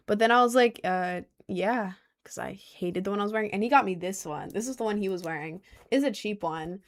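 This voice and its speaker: Chatty teen girl with vocal fry. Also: medium pitch. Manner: chatty, many "like" fillers, laughs at herself. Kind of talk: casual rambling chat to viewers. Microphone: headphones with a mic.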